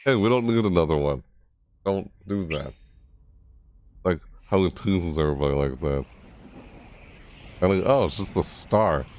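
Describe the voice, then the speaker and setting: A young man giving live reaction commentary, rambling and excitable, often breaking into laughter. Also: sits low, unhurried, long pauses, a little hiss or hum. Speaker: reaction streamer.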